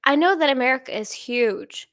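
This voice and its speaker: A woman's voice: sits high, animated, normal speed, no echo. A woman in her twenties from Sweden, chatting casually and reading out viewer comments in an upbeat, rambling way with frequent laughs. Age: 20s. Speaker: channel host.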